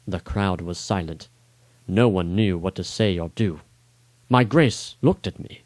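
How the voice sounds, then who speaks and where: A man reading his own first-person adventure story aloud in a dramatic, expressive way. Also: low-pitched, a little slow, no echo. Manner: expressive, rising on action beats.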